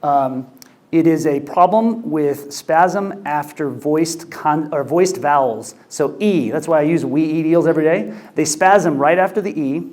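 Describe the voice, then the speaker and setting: A middle-aged man lecturing as a doctor, with a slightly higher pitch than most men. He talks loosely and conversationally, full of ums and false starts. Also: measured pace, darkish tone. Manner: conversational, many fillers and restarts. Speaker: ENT physician lecturer. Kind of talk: medical lecture.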